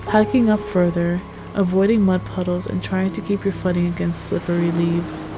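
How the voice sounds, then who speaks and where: A woman narrating a tense second-person audio story in a measured way. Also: on the low side, level tone, background noise. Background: music.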